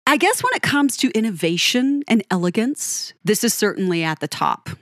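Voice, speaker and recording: A woman's voice: a little high, big pitch swings, normal speed, no room sound, studio quality. Dramatic storytelling woman host. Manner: dramatic, second-person storytelling with laughs. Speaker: music podcast host. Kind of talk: storytelling commentary.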